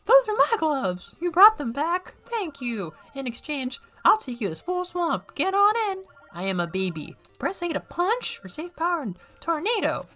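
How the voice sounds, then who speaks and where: A woman's voice: high voice, very animated, moderate pace, few pauses, sharp tone, faint music behind, pitched above the performer's own voice, heavily acted. A woman reading out a cheerful, boastful young male kangaroo from a video game in an exaggerated voice. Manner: bouncy, exaggerated read-aloud.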